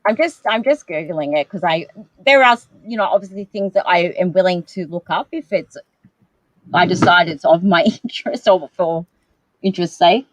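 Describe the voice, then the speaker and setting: A woman co-hosting a casual paranormal livestream, chatty and quick to laugh. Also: fairly low pitch, no echo, rough recording. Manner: lively, chatty, laughs easily. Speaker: paranormal channel co-host.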